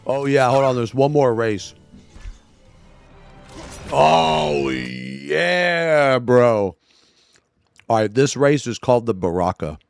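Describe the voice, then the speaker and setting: A man's voice: mid-range voice, very animated, takes it slowly, vocal fry, long pauses, no room sound, soft background music. Profane storytelling male streamer. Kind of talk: casual livestream storytelling.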